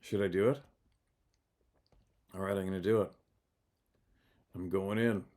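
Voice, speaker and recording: A male podcast host reading listener emails aloud, with relaxed, chatty asides between them. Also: deep voice, a little slow.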